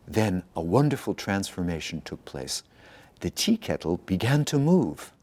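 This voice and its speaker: A man reading a fairy tale aloud, with expressive storytelling narration. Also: low-pitched, a little slow. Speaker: institute director reading aloud. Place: institute in Tokyo.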